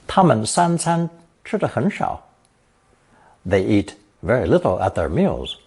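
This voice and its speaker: A man narrating a scripted language lesson, reading example sentences slowly and then translating each one. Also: mid-range voice, a little mellow, breathy edge. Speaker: language teacher.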